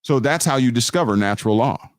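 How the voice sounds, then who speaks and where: A man's voice: medium pitch, expressive, fast talker, no room sound, studio quality. A man hosting a live online teaching, preaching about law and scripture with emphatic repetition and frequent restarts. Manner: preachy, emphatic, repeats key phrases. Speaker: host of a live teaching stream.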